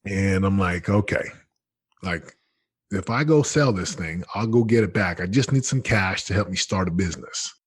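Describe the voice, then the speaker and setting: A man in his thirties telling his story as a podcast guest, earnest and animated, often acting out what he said. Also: deep voice, normal speed, husky, no room sound. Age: 30s. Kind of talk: candid storytelling.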